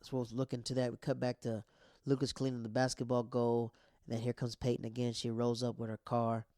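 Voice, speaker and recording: A young man hosting a casual TV recap show, excitedly retelling scenes with quoted lines and playful sound effects. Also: medium pitch, brisk, no echo, clean studio sound.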